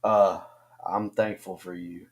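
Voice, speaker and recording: Man, low-pitched, co-host, halting casual stream talk with many fillers. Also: flat delivery. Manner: halting, full of ums and restarts. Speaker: co-host of a fantasy football stream. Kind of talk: casual livestream chat.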